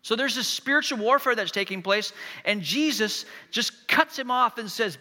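Pastor, man, high and very forceful delivery, long church reverb; tells the story like he's there. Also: expressive, moderate pace. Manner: vivid storytelling, addressing the congregation directly. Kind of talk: sermon.

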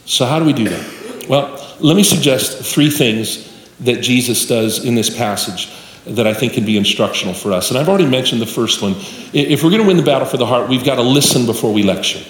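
A male pastor with a medium-pitched, brisk voice and lively intonation preaches a sermon, telling folksy stories and speaking straight to the congregation. The recording has the echo and room noise of a live hall.

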